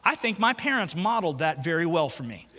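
A man preaching a sermon as pastor, telling stories with lively acted-out quotes. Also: a little high, brisk. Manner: lively storytelling, acts out quotes. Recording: long hall reverb.

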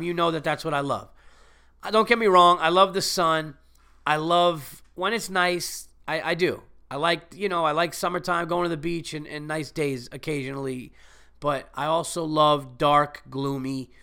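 Sick with a cold, this podcast host and comedian chats his way through a solo monologue, rambling and swearing freely. His fairly high voice sounds pushed and bright, with a clean tone.

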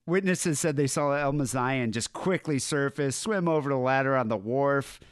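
A man's voice: medium pitch, moderate pace, clean tone, no echo. A man co-hosting a podcast, chatting casually and joking his way through a news story. His voice sits mid-range and is recorded close and dry, with no room sound at all. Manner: joking, irreverent, laughs often. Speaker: podcast co-host. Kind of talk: casual chat retelling news stories.

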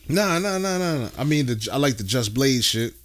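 A man's voice: medium pitch, lively intonation, normal speed, a bit bright, slight background noise. A man co-hosting a casual podcast chat, laid-back and full of slang, laughing often. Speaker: podcast co-host.

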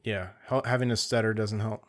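A man co-hosting a podcast, talking politics in a laid-back, drawn-out way, swearing casually and reaching for sports analogies. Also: lowish voice, fairly even intonation, fairly bright tone.

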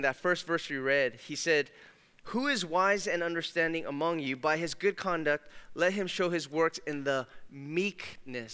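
Bright, clear-voiced male pastor preaching. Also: on the high side, big-room sound. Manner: conversational, emphatic, shifts between loud and hushed. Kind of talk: sermon. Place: church sanctuary.

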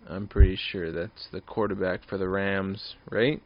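Drunk gravelly young man rambling. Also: deep voice, fairly even intonation, unhurried. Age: 20s. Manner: rambling, profane, repeats himself. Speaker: podcast host. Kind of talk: casual solo podcast rant. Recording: dull lo-fi recording.

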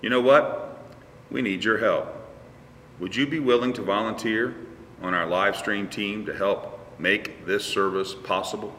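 A man's voice: on the low side, a little slow, pauses often, sharp tone, long reverb tail, distant mic. A male pastor preaching a conversational sermon, acting out little dialogues with his congregation. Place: church sanctuary.

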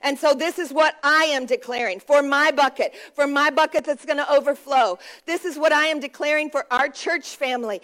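A woman's voice: high-pitched, steady tone, normal speed, hardly any pauses, a bit bright. A woman pastor preaching a sermon at a church service, making fervent declarations and calling the congregation to respond.

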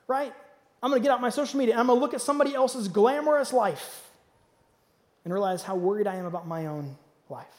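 A male pastor preaching a sermon, swinging from loud, pressing lines to hushed, quiet ones. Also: high voice. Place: church auditorium. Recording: long reverb of a large hall.

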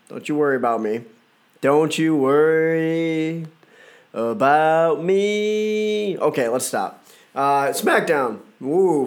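Male podcast host, slightly raised pitch, a little hoarse from a sore throat, loose and chatty. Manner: chatty, loose, playful asides. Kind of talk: casual wrestling reaction talk.

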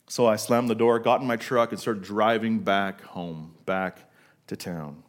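A middle-aged man preaching a sermon to a congregation, telling a story from his own working life and slowing down to stress key words. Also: on the low side, fairly bright tone. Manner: storytelling, asks the congregation questions, slows for emphasis. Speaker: pastor.

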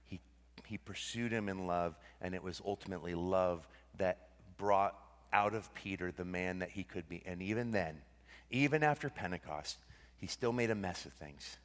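A male pastor preaching a sermon, swinging between excited bursts and hushed, tender passages. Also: deep voice, moderate pace, long reverb tail.

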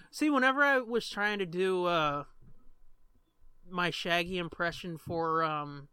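A person co-hosting a casual movie commentary, animated and joking, swearing freely and talking fast in bursts. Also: medium pitch, clear, resonant tone, dry recording. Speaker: co-host of a movie commentary podcast.

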